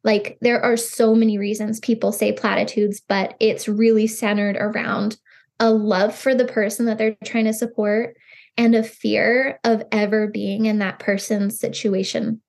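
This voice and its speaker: A woman in her thirties, a podcast guest and grief counselor, talking in an earnest, expressive way with lots of "like" fillers. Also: mid-range voice, measured pace, creaky. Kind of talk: casual conversation.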